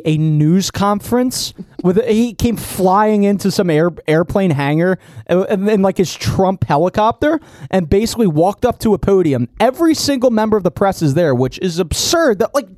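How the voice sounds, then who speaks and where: A man's voice: sits high, big pitch swings, moderate pace, few pauses, a little mellow, no echo, clean studio sound. A young man co-hosting a podcast in casual chat, rambling with many likes and restarts. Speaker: podcast co-host.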